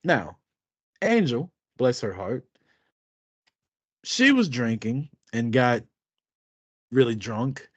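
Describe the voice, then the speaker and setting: A man's voice: medium pitch, slow pace, long pauses, no echo, dull audio. A man in his thirties, co-host of a podcast, telling a story casually with lots of laughter and swearing. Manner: profane, laughing, animated storytelling.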